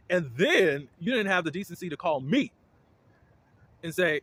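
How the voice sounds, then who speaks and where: A man's voice: sits high, normal speed, pauses often. Opinionated man recapping reality TV. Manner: animated, opinionated, laughs often. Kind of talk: casual episode recap.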